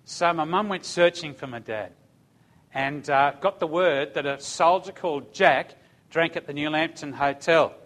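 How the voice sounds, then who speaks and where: A man's voice: fairly high pitch, measured pace, fairly bright tone. An older man giving a religious testimony, telling his story in an earnest, conversational way.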